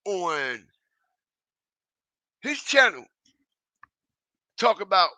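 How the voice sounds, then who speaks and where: High, bright-voiced man ranting. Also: dry recording. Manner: emphatic, repetitive, keeps checking in with the audience; profane and mocking. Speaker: online commentator. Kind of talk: ranting commentary vlog.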